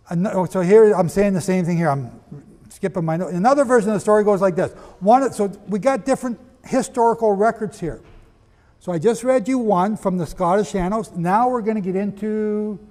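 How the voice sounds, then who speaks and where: Reading aloud from old histories, a man preaches and teaches with emphasis, peppering his audience with questions. His voice is high and warm, and long reverb hangs on the recording.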